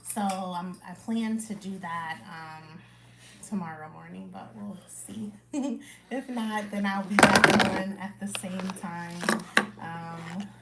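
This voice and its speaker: A woman hosting a livestream, reading scripture aloud and then chatting casually with viewers in a relaxed way, full of fillers like "like" and "um". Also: fairly low pitch, creaky, a little hiss or hum. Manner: unhurried, relaxed, with many fillers like "like" and "um". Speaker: livestream Bible reading host. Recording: echoey room.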